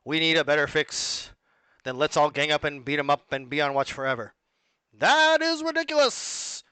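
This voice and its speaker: A slick male TV ad salesman, as a man puts him on, with a high, theatrical sales pitch that booms. The sound is dry and close, with no room around it. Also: animated, normal speed, bright, forceful tone, smooth, no echo. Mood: grandiose.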